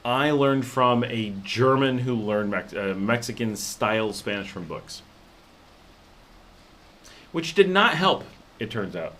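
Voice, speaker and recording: A man hosting a casual livestream, telling stories in a relaxed way and reading out viewer comments. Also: mid-range voice, takes it slowly, pauses often. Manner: relaxed storytelling, reads viewer comments aloud. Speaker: livestream host.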